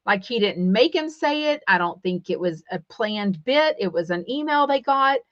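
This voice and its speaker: A woman's voice: mid-range voice, animated, moderate pace, a bit bright, dry recording, dull audio. A woman from Texas with a Texan accent, hosting a casual celebrity gossip podcast, chatty and opinionated, reading live comments aloud. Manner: chatty and opinionated, many fillers and quoted asides. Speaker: podcast host.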